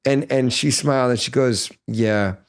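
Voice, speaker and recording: A man's voice: mid-range voice, moderate pace, creaky, a little mellow. A man hosting a podcast, telling a story in casual chat, earnest and stumbling over repeated words. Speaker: podcast host.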